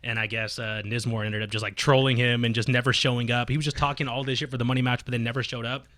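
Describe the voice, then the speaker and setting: A man telling stories as a podcast guest, animated and profane, full of fillers. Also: medium pitch, fast, no echo, clean studio sound. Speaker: podcast guest, competitive fighting game player. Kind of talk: casual podcast chat.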